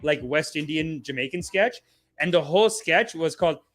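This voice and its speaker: Animated, slangy comedy podcast host man. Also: a little high, moderate pace. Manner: animated, rambling, slangy, often laughing. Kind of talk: casual comedy livestream chat.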